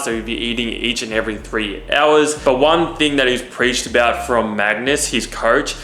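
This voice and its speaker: A man's voice: mid-range voice, a bit bright. A young man, chatting through his day in a casual, jokey fitness vlog. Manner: jokey, chatty, self-deprecating. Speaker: fitness YouTuber. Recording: echoey room, faint background noise.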